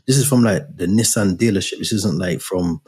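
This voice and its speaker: Deep, husky young man. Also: a little fast, darkish tone. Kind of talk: casual chat.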